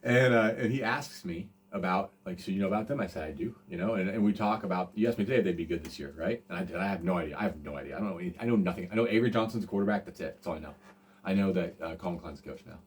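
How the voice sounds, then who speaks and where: A man's voice: low-pitched, very fast, slight background noise. A man in his forties hosting a casual podcast, telling a rambling, self-deprecating story full of fillers and restarts. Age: 40s. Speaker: podcast host.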